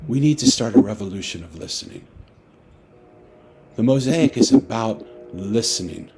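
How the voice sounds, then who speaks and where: A man, an author, telling a personal story in a lively way and acting out the dialogue, over a video call. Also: fairly low pitch, moderate pace. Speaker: author guest. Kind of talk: storytelling talk.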